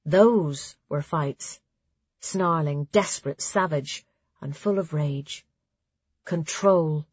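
A woman narrating a novel in a measured, even storytelling manner. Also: low-pitched, slightly rough, no echo. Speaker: audiobook narrator. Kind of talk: scripted audiobook narration. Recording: dry, slightly dull audio.

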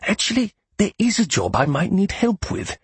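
A gruff, businesslike shopkeeper, as a male narrator puts him on, clipped and matter-of-fact. The voice is gravelly and husky, read close and dry for a storybook. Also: mid-range voice, big pitch swings, moderate pace, no room sound, heavily acted.

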